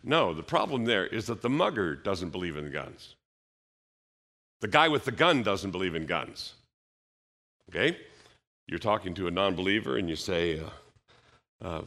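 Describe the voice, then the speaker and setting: A man with a very low voice that still has a bright, forceful edge. He speaks at a conference in a loose, conversational way, full of fillers and restarts, and he acts out short bits of dialogue. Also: animated, normal speed. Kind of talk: conference talk on apologetics.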